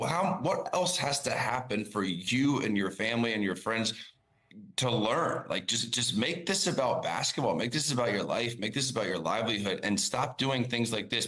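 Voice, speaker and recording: A man's voice: medium pitch, a bit bright, rough recording. A man on a sports talk show panel, sounding exasperated as he lectures about a player's conduct.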